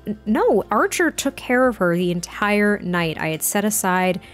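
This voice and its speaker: A woman's voice: mid-range voice, expressive, moderate pace, faint music behind, natural voice. A worn-out new mother in a life-sim game catches her parents up on the baby, as a woman plays her. She rambles a little, in a voice close to everyday talk. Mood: chatty. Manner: chatty, a little scattered. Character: tired new mother recounting her night.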